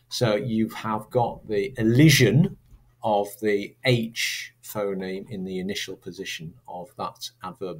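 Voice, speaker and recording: A man teaching a recorded lesson, chatty and asking his students rhetorical questions. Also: lowish voice. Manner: chatty, asks rhetorical questions, acts out sample accents.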